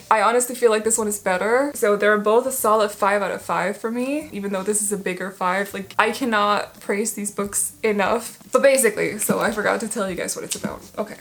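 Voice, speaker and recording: A young woman chatting casually on her channel about books she read, rambling, laughing often and correcting herself as she goes. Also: medium pitch. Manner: rambling, giggly, self-correcting. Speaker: book vlogger. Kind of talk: casual book review chat.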